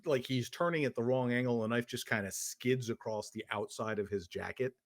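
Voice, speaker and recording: A man narrating as game master of a tabletop horror game, halting with frequent ums and uhs. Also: mid-range voice.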